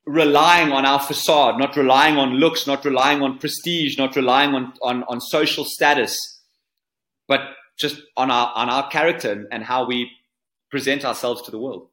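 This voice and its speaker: A man's voice: medium pitch, steady tone, moderate pace, fairly bright tone. A man in his forties, a surf coach being interviewed, telling a story earnestly and often repeating words as he finds them. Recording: roomy echo.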